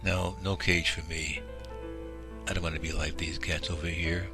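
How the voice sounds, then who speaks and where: A man with a very low, deep voice narrates a home video in a folksy, rambling manner, filling gaps with small fillers. Music plays steadily behind the voice. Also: little pitch movement, moderate pace. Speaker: shelter volunteer and video narrator.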